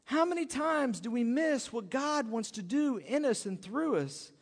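A man preaching a sermon in an animated, pleading and joking way to his congregation. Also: very high-pitched, unhurried, in a large hall. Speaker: pastor.

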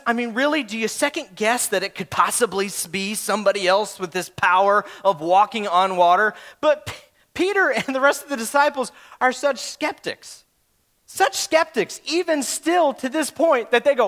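A man preaching a sermon as a pastor, telling a story in an animated way with joking asides. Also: very high-pitched, moderate pace.

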